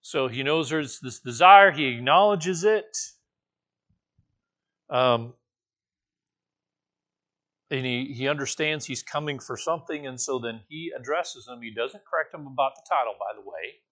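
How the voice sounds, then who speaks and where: A man's voice: medium pitch, a little slow, long pauses, a bit bright. A man preaching a conversational sermon, correcting himself as he goes and rising now and then to emphatic, raised passages. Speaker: pastor.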